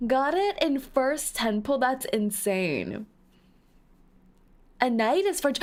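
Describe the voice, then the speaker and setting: A woman's voice: high-pitched, big pitch swings, slow. Playful giggly woman streamer. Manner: playful, giggly, teasing, reading chat aloud. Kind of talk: casual live-stream chat while playing a game.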